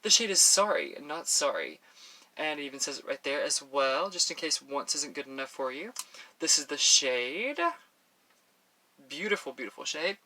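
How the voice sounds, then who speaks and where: A man from Texas rambles casually to camera as he does his makeup, talking in a slightly high, bright voice full of fillers and restarts. He is recorded on a professional mic. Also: big pitch swings, normal speed. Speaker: beauty vlogger. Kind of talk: casual chat while doing makeup. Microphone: professional audio on camera.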